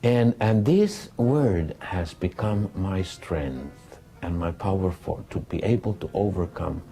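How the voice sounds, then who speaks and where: A man interprets a preacher's testimony in a very deep, dark voice. He speaks earnestly and haltingly, correcting himself along the way, with faint music underneath. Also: lively intonation.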